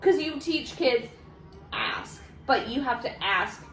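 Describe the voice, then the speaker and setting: A woman vlogger reading stories aloud in a casual, animated way, often laughing. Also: on the high side, takes it slowly, slight background noise. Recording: echoey room.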